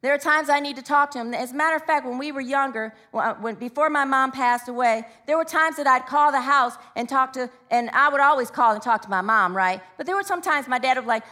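A woman delivers a sermon in a high, bright voice. She moves between personal storytelling and calling out to the congregation, asking them to answer back. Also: brisk, few pauses. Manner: call-and-response with the congregation. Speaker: preacher.

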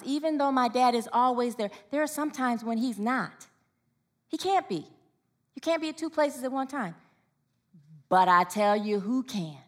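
A woman's voice: sits high, fairly bright tone. A woman preaching a sermon, telling personal stories and calling out to the congregation for responses. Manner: personal storytelling.

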